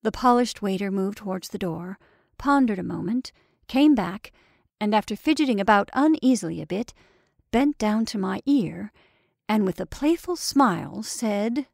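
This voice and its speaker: A woman storyteller reading a classic tale aloud in a measured, expressive way. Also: medium pitch, vocal fry, no room sound, studio quality. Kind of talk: scripted narration of a classic story.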